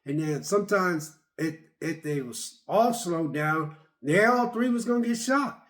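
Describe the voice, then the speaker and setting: A man's voice: a little high, expressive, measured pace. A man giving a casual, rambling movie review, retelling scenes with lots of repeats and fillers.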